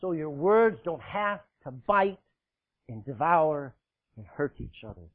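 A man preaching a sermon to a congregation, emphatic and forceful, joking with the listeners in between. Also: a little high, big pitch swings, slow pace. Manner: forceful, emphatic preaching with sudden loud bursts and dramatic drops; laughs often, jokes with the congregation. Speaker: pastor. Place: church, live congregation. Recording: tinny phone-like sound.

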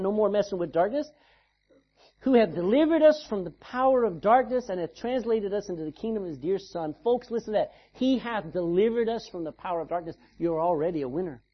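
A male pastor delivering an animated sermon, acting out little scenes and calling for amens. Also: sits high, slightly rough, dull audio. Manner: animated preaching with acted-out asides.

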